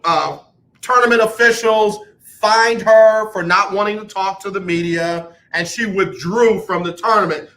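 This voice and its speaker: Man, sports radio host, emphatic ranting delivery, high and bright voice. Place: radio studio.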